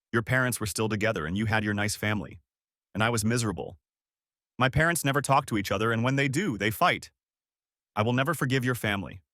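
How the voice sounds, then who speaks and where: A bitter, scheming ex-friend spits out his words with sneering spite, as a man acts him out. The voice is low and dry, recorded close with no room sound. It is read as part of a spoken story. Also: sharp tone, dry recording.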